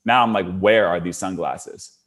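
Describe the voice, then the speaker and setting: A young adult man with a deep yet fairly bright voice tells a long personal story as a guest storyteller, casually and at a moderate pace. He leans heavily on "like," and his voice rises when he gets worked up.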